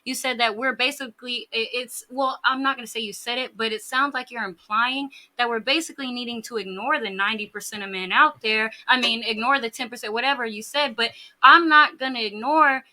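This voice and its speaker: A woman's voice: fairly high pitch, brisk, hardly any pauses, pushed and bright. A woman giving blunt opinions in a podcast discussion. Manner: frank, blunt, argumentative.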